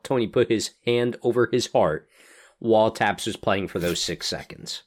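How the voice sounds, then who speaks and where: A man's voice: on the low side, normal speed, faint music behind. A man co-hosting a casual sports podcast, reading out stats with dry humor. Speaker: podcast co-host.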